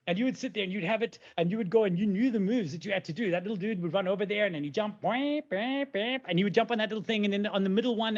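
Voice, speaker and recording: A man in his forties gives an animated webinar talk, tossing out rhetorical questions and playful sound effects. His voice sits high, and the call audio comes through slightly dull and lo-fi. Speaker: presenter.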